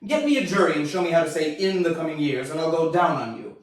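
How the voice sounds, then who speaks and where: A man's voice: a little high, lively intonation, fast talker, natural voice. A man doing a pompous, blustering old director. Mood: indignant. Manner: indignant, condescending, blustering. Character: pompous aging male film director, irritable. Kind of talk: comic impression of a famous director's outtake. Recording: echoey room from far off.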